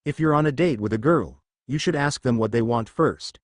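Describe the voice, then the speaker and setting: A courteous woman teacher who turns hesitant and shy, read by a man in his usual voice. It is a close, dry reading at a middle pitch. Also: moderate pace, no room sound, natural voice. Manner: polite, hesitant. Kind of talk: fan fiction story reading.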